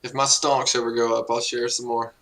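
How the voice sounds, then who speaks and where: A man's voice: medium pitch, level tone, brisk, fairly bright tone, a little hiss or hum, rough recording. A man in a middle register joins a stream call as a guest. He talks casually and keeps throwing in teasing jokes. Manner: joking, teasing. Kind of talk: casual chat.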